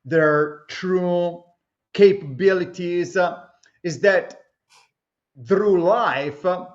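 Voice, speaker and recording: A man interviewed as an author answers in a measured way, with pauses and fillers. His voice sits high, and the remote audio is dull and lo-fi.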